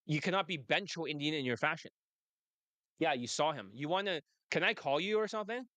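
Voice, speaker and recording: A man's voice: fairly high pitch, lively intonation, a little fast, sharp tone, no echo. A man coaching on dating, talking brashly and laughing often in casual chat. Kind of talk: casual monologue and phone call.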